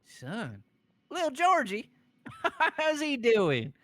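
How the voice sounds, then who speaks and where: A man's voice: a little high, lively intonation, slow, bright, forceful tone, no echo, voice pushed up, heavily acted. A man voicing a brash, gum-chewing woman mechanic who curses bluntly in a tabletop role-play game. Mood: amused. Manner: cursing, blunt, scornful.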